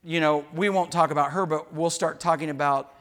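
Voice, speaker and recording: A pastor man delivers a sermon in a church, his voice bright and lifted slightly above the usual male range. He talks candidly to his people and breaks into humorous asides, acting out little snatches of dialogue along the way. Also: fairly high pitch, fairly even intonation, brisk. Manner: candid, joking asides with acted-out quotes.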